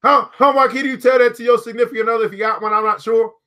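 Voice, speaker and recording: A man's voice: very high-pitched, fairly even intonation, fast talker, pushed and bright. A man hosting a book club, reading aloud to a live audience and riffing on it with emphatic, playful repetition. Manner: emphatic and playful, repeating key phrases.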